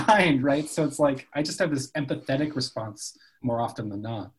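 Man from Canada, relaxed podcast guest; loose, profane, filler-heavy delivery. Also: medium pitch, moderate pace, breathy edge, poor audio. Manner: loose, swears freely, lots of "like" and "sort of". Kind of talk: casual podcast chat.

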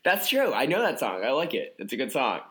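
Playful goofy man, lively pitch. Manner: playful, goofy, drawn-out riffs. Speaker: podcast co-host. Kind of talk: casual comedic chat.

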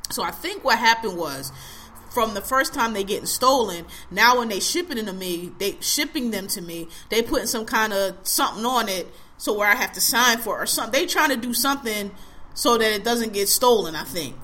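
A woman's voice: medium pitch, sharp tone, a little hiss or hum. A young woman telling a story as a casual, profane rant that grows heated.

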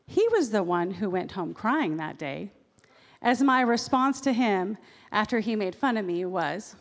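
A woman pastor giving a sermon in a church, lively and acting out the voices she quotes. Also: on the high side. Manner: animated, acts out quoted voices. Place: church sanctuary. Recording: long reverb of a large hall.

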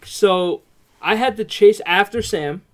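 A man's voice: sits high, slow. A young man retelling a shared night out in casual, profane chat with a friend.

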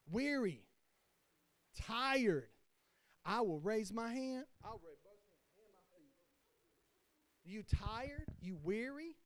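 High-voiced impassioned male pastor. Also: expressive, slow pace, pauses often, no echo. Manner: impassioned preaching with call-and-response. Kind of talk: sermon.

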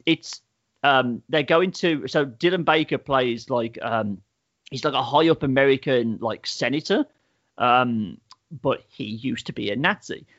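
A man chats loosely through a show's plot, stacking up "like" fillers and the odd swear word. His voice sits at an ordinary middle pitch, and the recording sounds a little dull and muffled. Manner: rambling storyteller, many "like" fillers, swears freely. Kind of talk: casual chat, reviewing a TV show.

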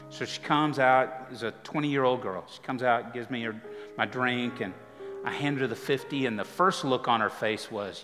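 A man preaching a guest sermon, telling a personal story in a conversational way that swings from lively to hushed. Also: medium pitch, moderate pace. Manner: conversational, animated storytelling with dramatic drops to quiet. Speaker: guest pastor. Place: church auditorium with live music behind. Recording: live church hall reverb with music.

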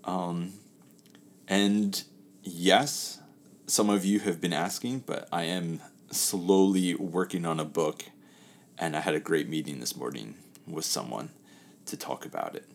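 A man hosts a casual talk and tells a spoken parable in a relaxed, chatty manner, his phrases trailing off softly. His voice is low-pitched and creaky, and he takes his time.

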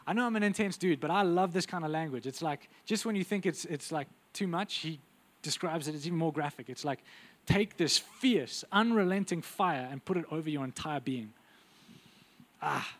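A man preaching a sermon with intense, urgent delivery that drops to quiet, intimate asides. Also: fairly high pitch, fairly quick.

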